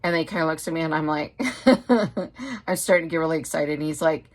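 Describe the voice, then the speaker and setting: A middle-aged woman craft vlogger talks in a loose, rambling way. She laughs often as she chats. Her voice sits a little low for a woman. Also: a bit bright. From Wisconsin. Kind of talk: casual chat.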